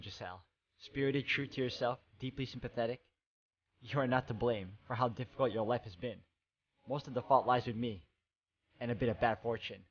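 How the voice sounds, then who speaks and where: Soft-spoken man reading game dialogue. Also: medium pitch, dull audio, slight background noise. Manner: soft, emotional, hesitant reading. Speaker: game walkthrough narrator.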